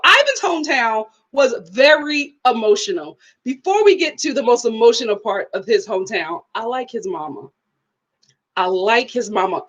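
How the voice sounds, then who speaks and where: Animated high-voiced woman vlogger. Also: breathy edge, low-quality recording. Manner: animated, laughing, acts out quotes. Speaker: vlogger reviewing a reality show. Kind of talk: casual chat.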